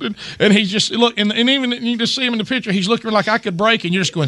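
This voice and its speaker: A man's voice: high-pitched, fast talker, few pauses, no room sound. A middle-aged man, hosting a radio show and telling a long family story with lots of restarts. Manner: animated storyteller, many restarts. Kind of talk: storytelling casual chat.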